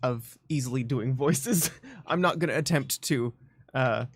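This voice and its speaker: A woman streaming a game playthrough, chatting casually, playful and quick to laugh. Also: very deep voice, slightly rough.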